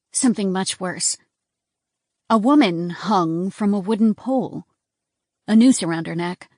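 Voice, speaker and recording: A woman's voice: medium pitch, a little mellow, dry recording, studio quality. A woman giving a tense, dramatic first-person audiobook narration.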